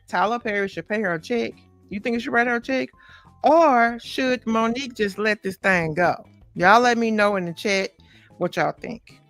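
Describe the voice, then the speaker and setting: A woman's voice: mid-range voice, fairly bright tone. Chatty woman hosting a gossip podcast. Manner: chatty, talks straight to viewers, many asides and "okay?" tags. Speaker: podcast host. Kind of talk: casual celebrity gossip chat.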